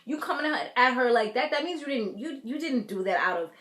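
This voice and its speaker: A woman's voice: sits high, fairly quick, reverberant. Sassy American woman recapping TV. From Caribbean family, raised in the US. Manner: sassy, animated, talks straight to viewers. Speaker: TV recap vlogger. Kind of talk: casual reality TV recap.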